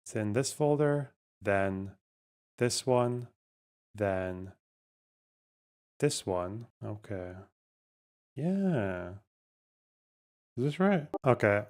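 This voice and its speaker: A man's voice: on the low side, lively intonation, drawn-out words, pauses often, a little mellow. A man hosting a live stream, talking casually, reacting to chat, and swearing as he goes.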